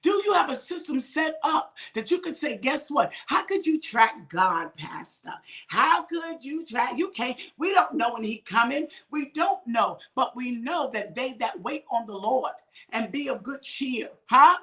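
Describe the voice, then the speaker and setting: A woman minister preaches in call-and-response style, her high voice rising into sudden shouts. She stretches some phrases out slowly and tosses quick asides to listeners. Her tone is bright and piercing. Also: lively intonation. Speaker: minister hosting a midday talk. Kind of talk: preaching to an online audience.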